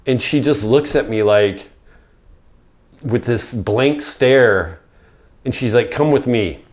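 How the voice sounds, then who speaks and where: A man's voice: mid-range voice, slow. Middle-aged male podcast guest, casual storyteller, mid voice, rambling and profane. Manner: rambling, peppered with "like" and swearing.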